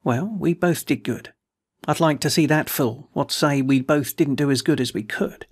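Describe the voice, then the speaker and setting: A man's voice: fairly high pitch, normal speed, slightly rough. A man voicing a hot-tempered young male soldier talking bluntly in a storybook reading. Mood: exasperated. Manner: blunt, exasperated country talk.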